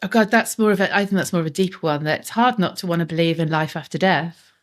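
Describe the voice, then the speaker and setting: A woman's voice: fairly low pitch, fast talker. A middle-aged woman, a guest on a podcast, telling rambling stories and laughing often at herself. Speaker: guest, PR agency founder. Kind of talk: casual interview chat.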